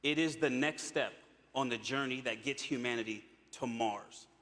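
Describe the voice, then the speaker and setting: A man's voice: mid-range voice, normal speed, very noisy. A man, an astronaut, giving an upbeat, earnest public speech to an audience in a large hall. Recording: long hall reverb.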